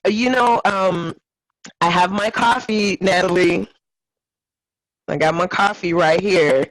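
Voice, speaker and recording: Woman co-host, effusive casual chat, unhurried, dry close sound. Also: lowish voice, no room sound, rough recording. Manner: effusive, acts out others' lines in quoted voices. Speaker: podcast co-host.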